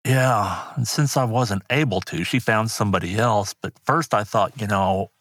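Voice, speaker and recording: An older man, a grandfather, speaking as an interview guest in a halting, grief-stricken way. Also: fairly low pitch, a bit bright, no echo, clean studio sound. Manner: halting, grief-stricken, voice rising when angry. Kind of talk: emotional interview talk.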